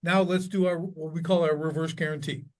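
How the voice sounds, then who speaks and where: A man coaching tradespeople tells stories in a relaxed interview, with a somewhat high voice. He gets animated, acting out what his clients say. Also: a little fast. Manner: animated storyteller, acts out quoted lines. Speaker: business coach for contractors. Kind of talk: casual podcast interview.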